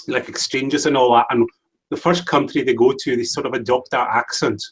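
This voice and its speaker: A man's voice: medium pitch, a bit bright. Rambling male livestream host. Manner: rambling, hesitant, many restarts. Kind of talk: casual chat. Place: home livestream setup.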